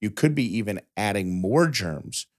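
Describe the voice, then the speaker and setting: A man's voice: fairly low pitch, animated, moderate pace, no room sound. A man co-hosting a podcast in casual chat, with a dry joking manner, who also reads short news items. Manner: dry joking, stumbles and restarts. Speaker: podcast co-host.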